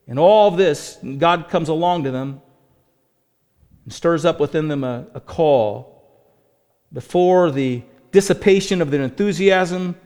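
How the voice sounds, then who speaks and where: A man's voice: on the high side, unhurried, darkish tone, smooth. A man preaching a sermon as pastor, earnest and rising to fervent peaks. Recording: hall reverb.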